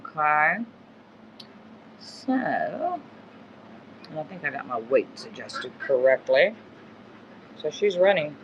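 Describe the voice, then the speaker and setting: A man's voice: a little high, big pitch swings, slow, long pauses, a bit bright. A middle-aged man hosting a live-stream auction from his home, chatting casually in a rambling, self-correcting way. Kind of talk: casual live-selling chat. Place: home in the woods. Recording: dull lo-fi phone stream with faint background noise.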